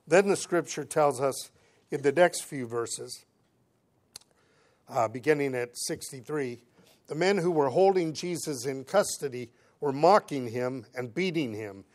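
A man preaching, reading scripture aloud and explaining it in plain conversational words, swinging between emphatic lines and quiet asides. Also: medium pitch. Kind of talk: Bible teaching sermon.

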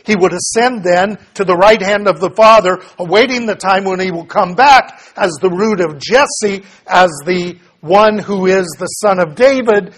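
A man's voice: sits high, a little slow, few pauses. A man giving a conversational Bible lesson, explaining plainly, asking his listeners questions and reading scripture aloud. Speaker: Bible teacher.

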